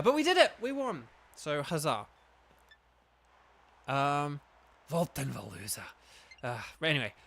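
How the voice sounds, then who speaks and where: A man commentating his own gameplay live, excitable and chatty, often exclaiming and speaking to chat. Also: on the high side. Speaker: gaming video host.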